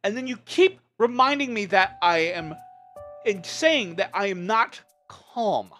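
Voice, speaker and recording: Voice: mid-range voice, expressive, fairly bright tone, faint music behind. Impassioned, exasperated streamer venting. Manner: impassioned, upset but measured. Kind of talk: venting to a livestream chat.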